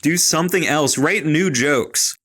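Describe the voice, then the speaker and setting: A man's voice: a little high, unhurried, pushed and bright. Dry-voiced man with short wry jabs. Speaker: podcast co-host. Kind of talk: casual podcast chat.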